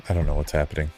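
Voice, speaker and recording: A man streaming casually, rambling and frustrated, mocking himself as he chats with viewers. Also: rumbling low. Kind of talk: casual live-stream chat.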